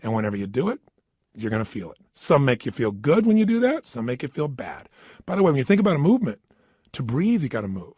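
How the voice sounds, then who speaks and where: A middle-aged man with a husky, slightly raised voice delivers an energetic motivational talk, his pitch leaping up and dropping low for emphasis. He speaks close to a studio microphone in a dry, dead room. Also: fast talker, dry recording. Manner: energetic, emphatic, swings between loud and soft.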